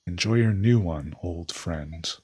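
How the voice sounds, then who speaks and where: A man's voice: low voice, measured pace, dark tone, breathy edge, no room sound. A man reading out a sly, scheming male raven king from a game's dialogue.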